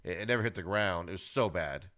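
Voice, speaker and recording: A man hosting a podcast, giving an animated, ranting football recap with plenty of exclamations. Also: low voice, fast. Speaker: podcast host.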